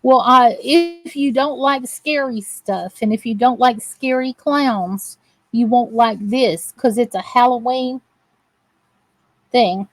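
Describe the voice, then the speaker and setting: A woman's voice: on the high side, slow, rough recording. A woman hosting a crafting channel, chatting to viewers as she crochets and greeting them by name. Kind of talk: live crochet chat with viewers.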